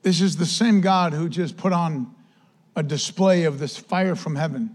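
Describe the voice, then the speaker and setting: A male pastor preaching a sermon emphatically, with repeated calls to the church, and sometimes dropping to a soft hush. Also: on the high side, a little slow.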